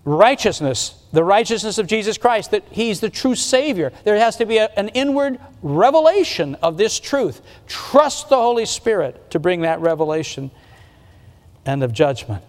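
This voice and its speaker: A man's voice: high-pitched, big pitch swings, normal speed. A pastor preaching a sermon in an earnest, conversational way, often restarting his sentences. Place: church sanctuary. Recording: long reverb of a church hall.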